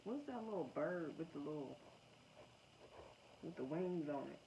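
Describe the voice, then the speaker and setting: Gravelly woman giving a slangy tarot reading. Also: deep voice, measured pace. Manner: slangy, profane, excitable, laughs often. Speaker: tarot reader. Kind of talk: casual tarot reading to camera. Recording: dull lo-fi sound with faint noise.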